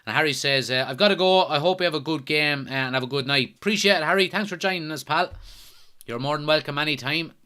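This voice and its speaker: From his home, an Irish man streams a live football watchalong, reading out comments from viewers and responding in a relaxed, chatty way. His voice is on the high side, quick, smooth, bright and forceful.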